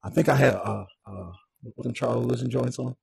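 A young man with a gravelly, raspy voice recounts a personal story in a relaxed podcast conversation. He keeps it animated, slipping into the voices of the people he describes. The sound is close and dry. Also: mid-range voice, brisk, no room sound. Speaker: podcast guest. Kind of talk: casual storytelling.

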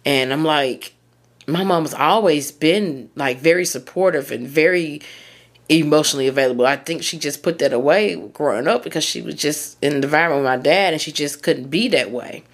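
A woman's voice: low-pitched, normal speed. A woman, hosting a solo podcast and talking in a candid, rambling way that often circles back and corrects itself. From Tennessee, US. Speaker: podcast host.

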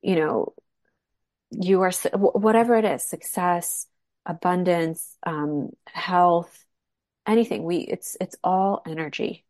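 A woman's voice: fairly low pitch, slow pace, a little mellow, dry recording, studio quality. A woman co-hosting a podcast, speaking in an encouraging, motivational way with rhetorical questions. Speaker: podcast co-host. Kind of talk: casual conversational podcast.

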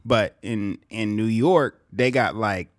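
A man's voice: fairly low pitch, slow, no echo, clean studio sound. A man from California co-hosting a podcast, chatting in a laid-back, reflective way. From Bakersfield, California. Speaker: podcast co-host. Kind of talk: casual chat.

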